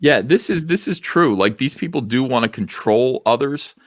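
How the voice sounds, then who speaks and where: A man's voice: medium pitch, expressive, moderate pace, dry recording, clean studio sound. A man hosting a casual livestream, reading posts aloud with sarcastic commentary that swings between muttering and outbursts. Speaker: livestream host.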